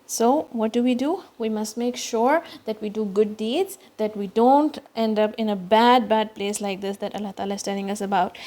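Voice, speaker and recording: A woman teaching children Quran recitation, explaining each letter slowly and patiently, step by step. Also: medium pitch, darkish tone. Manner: breaks into quicker chanted recitation lines. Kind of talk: slow, patient kids' lesson.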